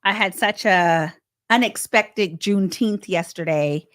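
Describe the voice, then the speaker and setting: Animated woman co-hosting a podcast. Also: medium pitch, measured pace. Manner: animated, emphatic, swings from loud to hushed. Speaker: podcast co-host. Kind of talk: casual chat.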